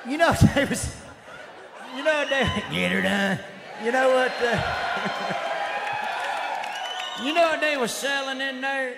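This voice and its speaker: Male comedian, rowdy redneck act, high voice, live stage with noisy audience. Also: animated, takes it slowly, vocal fry, pauses often. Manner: rowdy redneck persona, drawling and shouting. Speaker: stand-up comedian. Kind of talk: stand-up routine. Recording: live hall recording with crowd noise. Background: audience laughter and noise.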